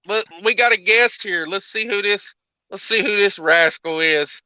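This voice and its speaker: A man hosting a casual livestream chat among truckers, joking in a deadpan way, on dull muffled stream audio. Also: high voice, moderate pace, clean tone, no echo. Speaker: livestream host.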